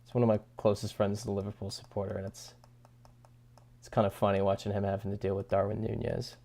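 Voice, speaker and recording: A man's voice: on the low side, level tone, fast talker, creaky, warm tone. A young man streaming live and chatting casually with viewers, laid-back, often chuckling and restarting his sentences. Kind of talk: casual livestream chat reading viewer comments.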